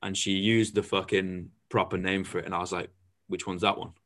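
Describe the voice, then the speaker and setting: Young host, bright and forceful, sweary storyteller, casual podcast. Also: male voice, low voice, little pitch movement, brisk.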